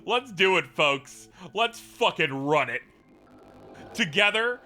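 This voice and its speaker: Animated man doing let's play commentary; bright, cutting voice, swears and laughs a lot. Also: fairly high pitch, slow pace, faint music behind. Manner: animated, profane, laughing asides. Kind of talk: video game commentary.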